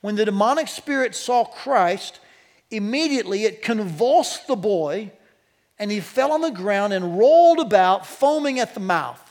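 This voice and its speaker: A male pastor preaching a sermon to a church congregation, animated, his voice climbing as he quotes. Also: high voice, unhurried. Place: church sanctuary.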